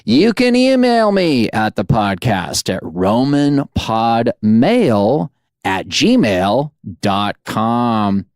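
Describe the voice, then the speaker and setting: A man's voice: mid-range voice, very animated, very slow, a little mellow, no echo, studio quality. A man hosting a podcast, wrapping up an interview and signing off with jokey, rambling asides. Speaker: podcast host. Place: studio.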